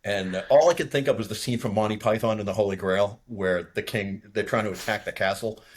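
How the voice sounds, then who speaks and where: A man's voice: lowish voice, brisk. A man in his sixties from outside Boston, a retired fighter pilot telling war stories in casual, profane talk and acting out radio calls. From outside Boston, USA. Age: 60s. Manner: profane, laughing storyteller who acts out radio calls.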